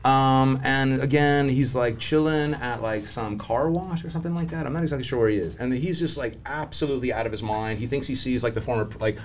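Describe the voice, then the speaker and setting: A man's voice: medium pitch, a little fast, few pauses, a little hiss or hum. A man and criminologist guest, telling a story casually and animatedly, acting out voices and laughing often. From Southern California.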